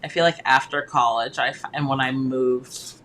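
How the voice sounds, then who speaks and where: A woman's voice: very deep voice, fairly even intonation, normal speed, a bit bright, slight background noise, poor audio. A woman co-hosting a casual book club chat with friends, laid-back and slangy, with a valley girl voice and frequent laughter.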